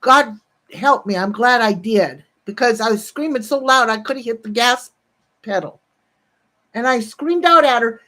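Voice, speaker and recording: A woman's voice: a little high, lively intonation, moderate pace, a bit bright. Woman in her sixties, rambling and profane. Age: 60s. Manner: breaks off to greet chat viewers. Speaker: livestreamer. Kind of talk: casual livestream chat.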